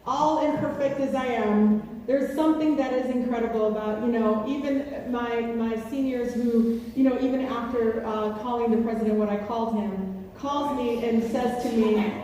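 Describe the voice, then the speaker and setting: Woman speaker telling family stories, fairly high voice, mic far off in a big echoey hall. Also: moderate pace, few pauses, slight background noise. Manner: animated storytelling, acts out family voices. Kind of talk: public speech with anecdotes. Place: event hall.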